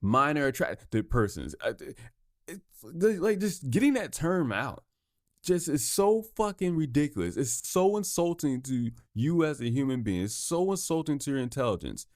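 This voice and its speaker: A man's voice: on the high side, very animated, moderate pace, no room sound. Guy ranting on his podcast, fired up, cussing, keeps repeating himself, dry mic. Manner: heated, profane, stumbles and repeats himself. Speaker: podcast host. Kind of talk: solo podcast rant.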